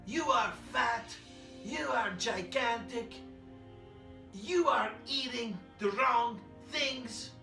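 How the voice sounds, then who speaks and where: A man playing an eccentric immigrant male poet who speaks broken English and declaims loudly. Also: very high-pitched, gravelly, reverberant, distant mic, full character voice. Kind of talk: comedy character monologue.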